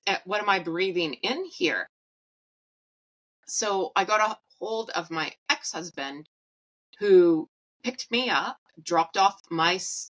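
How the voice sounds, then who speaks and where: A woman in her thirties hosts a podcast, telling a personal story bluntly, casually, and with plenty of profanity while laughing at her own jokes. Her voice is on the low side and a bit bright, and the audio quality is poor.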